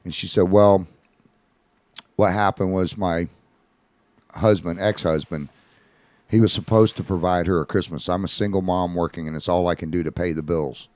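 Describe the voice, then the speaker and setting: A man's voice: deep voice, fairly even intonation, normal speed, pauses often, a little mellow, no echo. A man hosting a live radio show, telling a story in a folksy, conversational way and acting out the quoted voices. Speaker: radio host. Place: studio.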